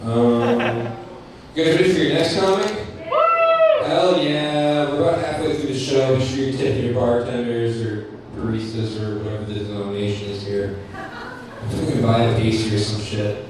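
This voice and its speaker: A man's voice: medium pitch, fairly even intonation, moderate pace. A man hosting an open mic, loosely hyping the crowd between comics. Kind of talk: emceeing a live show. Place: cafe open mic, indoors. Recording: very echoey room, distant mic, clear noise.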